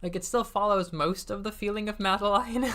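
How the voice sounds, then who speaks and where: A woman's voice: medium pitch, fairly quick, fairly bright tone. A woman streamer giving casual, self-mocking commentary while she plays a game. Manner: chatty, self-mocking, giggly asides. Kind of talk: casual let's-play commentary.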